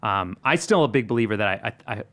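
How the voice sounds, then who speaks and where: A man hosting a casual panel chat, with a Southern US accent softened by years in Minnesota, rambling and self-deprecating with frequent restarts. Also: mid-range voice, lively intonation, fast. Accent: Southern US mixed with Minnesotan. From Texas, later Minnesota. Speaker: podcast host.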